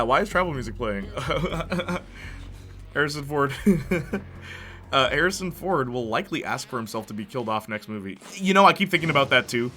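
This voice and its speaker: A gaming streamer with a pushed, bright, mid-range voice plays a video game and chats casually. His gameplay commentary is chatty; he reads and answers his chat and laughs often.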